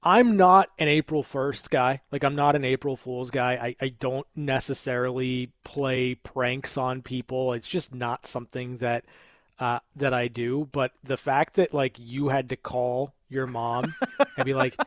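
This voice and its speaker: A man's voice: mid-range voice, steady tone, a little slow, dry recording, clean studio sound. A man co-hosting a casual chat, teasing and mock-indignant in his banter.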